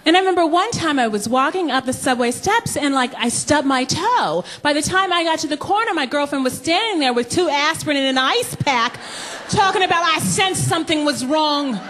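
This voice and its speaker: High, lively woman doing stand-up. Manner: animated storytelling, jumps high for quoted voices. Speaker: stand-up comedian. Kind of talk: stand-up comedy set. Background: audience laughter.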